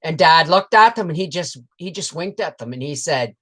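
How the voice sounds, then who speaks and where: Woman host, deep low voice, rambling, frank and salty, chatting with live viewers. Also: animated, moderate pace. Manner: rambling and frank, peppered with swears and laughter; greets viewers and reads out chat comments between stories. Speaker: homestead channel host on a livestream. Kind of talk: casual livestream storytelling.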